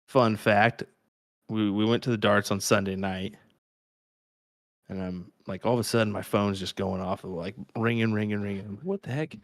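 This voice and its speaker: Casting note: man with a Kansas accent, low voice, dry close mic, chatty darts commentator. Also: normal speed, dry recording. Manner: chatty, laughs often, lively storytelling. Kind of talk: live sports commentary banter.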